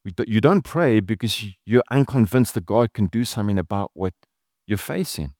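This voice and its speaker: A pastor speaks to his congregation in an earnest, conversational way, slipping in casual asides. His voice sits somewhat low. The recording is dry, with no room echo. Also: animated, normal speed, darkish tone. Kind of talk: sermon.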